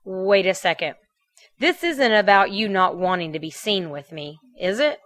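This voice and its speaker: A nervous, joking teenage boyfriend, read out by a woman in an audio fan fiction, hesitant and quick to put himself down. He stays in an easy, mid-range voice. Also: mid-range voice, animated, a bit bright, close to an everyday voice. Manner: hesitant, self-deprecating.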